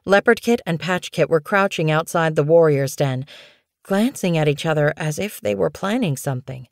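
A woman narrating a children's animal storybook as an audiobook reader, in even, clear storytelling. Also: deep voice, moderate pace, dry recording, studio quality.

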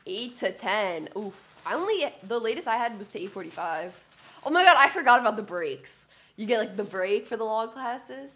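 A young woman giving a chatty live reaction to a hockey game as a fan, excitable and cheering loudly. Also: a little high, normal speed. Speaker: sports fan streamer.

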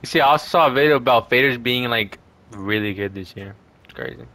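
A young man on a headset, chatting casually while gaming, excitable and swearing, breaking into shouts. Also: medium pitch, quick pace. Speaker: gamer.

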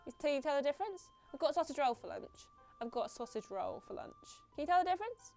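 Brief: young woman, female streamer, higher voice, rambling playful game chat, light music under. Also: big pitch swings, fast talker, a little mellow. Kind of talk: live game commentary, chatting with viewers.

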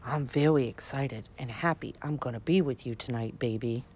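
A woman reading out the text messages of a greasy grown man who sweet-talks his girlfriend, in a low, soft voice. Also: normal speed, slight background noise. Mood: sweet-talking.

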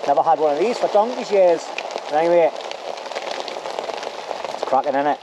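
A middle-aged man on a camping trip talks to his handheld camera at a wild camp, joking in dialect slang with lively intonation. His voice is on the high side at normal speed, and the outdoor audio carries loud rain and background noise.

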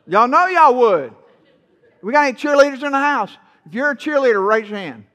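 High-voiced, bright preacher. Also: male voice, lively intonation, fairly quick, long reverb tail. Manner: folksy, playful preaching that teases the congregation. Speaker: pastor. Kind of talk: sermon. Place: church sanctuary.

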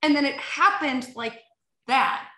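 Lively, bright-voiced woman in a roomy space. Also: high-pitched, unhurried. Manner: animated storyteller, many fillers and acted-out quotes. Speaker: podcast guest, sports agency head. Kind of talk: casual chat. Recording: roomy echo.

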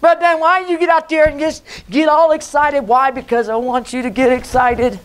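A man's voice: steady tone, normal speed. Male pastor, fiery revival preacher, middle-aged, big swings in volume. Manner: preachy, swings between loud and low, mocks voices. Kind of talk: Pentecostal sermon. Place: church sanctuary.

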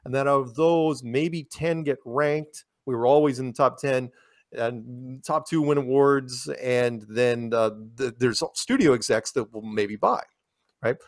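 Animated, laughing man storyteller. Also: medium pitch, a little slow, no room sound, studio quality. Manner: animated, laughs often, restarts sentences. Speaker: interview guest. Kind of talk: casual storytelling conversation.

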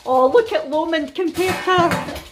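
A woman's voice: very high voice, normal speed, music in the background. A Scottish woman chatting casually in a home kitchen for a family vlog, laughing often and cooing at pets. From Scotland. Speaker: vlogger.

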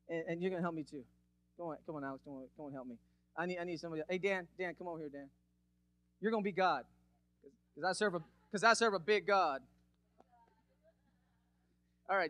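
A man preaching a lively sermon as pastor, calling out to the congregation and acting out a demonstration. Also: high-pitched, dry recording. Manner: energetic, calls out to congregation. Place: church.

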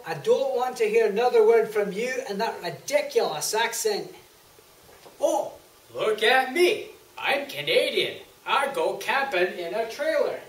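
A woman playing a brash, bossy Scottish sister who taunts and scolds her brother, with a put-on Scottish accent. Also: a little high. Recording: echoey hall from far off.

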